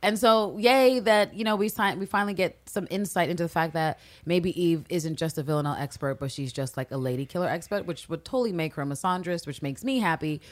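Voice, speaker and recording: A woman's voice: on the low side, quick pace, hardly any pauses. A woman co-hosting a podcast, chatting casually and with opinions about a TV episode, acting out the characters' lines as she recaps. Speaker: podcast co-host.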